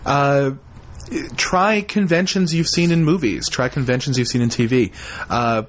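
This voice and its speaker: A man co-hosting a casual roundtable chat about role-playing games, talking in an animated way, often tossing in "you know" and the odd swear word. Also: medium pitch, measured pace. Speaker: podcast co-host giving game master tips.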